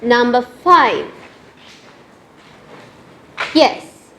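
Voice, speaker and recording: A woman teaching a lesson to pupils, speaking slowly and repeating each word for them to copy. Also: fairly high pitch, a bit bright, slight background noise. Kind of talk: classroom lesson.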